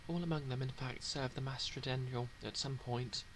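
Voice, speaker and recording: A man's voice: mid-range voice, steady tone, brisk. Casual, wry male streamer reading game text aloud over background noise.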